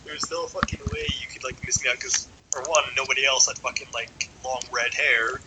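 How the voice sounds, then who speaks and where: A man's voice: mid-range voice, fairly even intonation, a little fast, noisy background. A young man telling a rambling school story on a podcast, swearing constantly and filling every gap with "like". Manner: sweary, rambling, filler-heavy. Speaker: podcast co-host.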